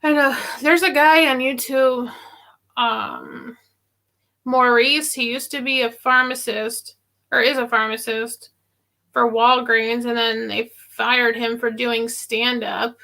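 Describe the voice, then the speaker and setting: Giggly pharmacy girl chatting on a live stream, kinda high and raspy-fry voice. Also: steady tone, slow pace, bright, forceful tone. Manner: giggly, rambling, lots of fillers. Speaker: pharmacy worker. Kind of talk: casual live-stream chat.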